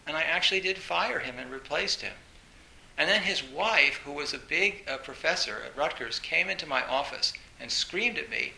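A man with a gravelly, very bright and sharp voice gives an animated storytelling dharma talk, laughing often and leaning on fillers. The recording has a roomy echo. A faint hiss sits under it. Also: fairly high pitch, normal speed.

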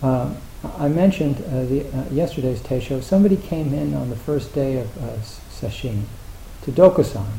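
A man's voice: mid-range voice, moderate pace, creaky, hardly any pauses, warm tone. A man giving a Zen dharma talk, rambling and self-deprecating, with lots of filler words. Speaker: Zen teacher. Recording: echoey hall with faint hiss.

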